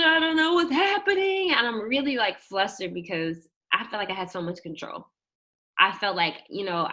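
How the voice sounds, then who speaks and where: A young woman telling a personal story in an animated way, acting out the quotes and shrieking at the high points. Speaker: guest telling her birth story.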